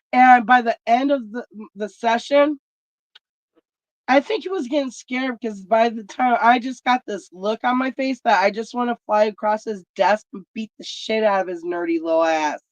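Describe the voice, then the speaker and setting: A vlog host with a fairly high-pitched voice rants casually at normal speed, telling stories in blunt, profane language. The lo-fi sound is dry and dull, with no echo.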